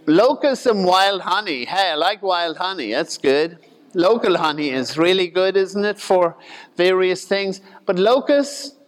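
A man's voice: sits high, big-room sound. A man preaching a sermon in a conversational, folksy way, with asides and humor.

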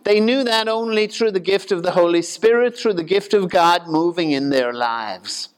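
A man's voice: sits high, normal speed, clean tone, long reverb tail. A man preaching a sermon in a conversational, folksy way, with asides and humor.

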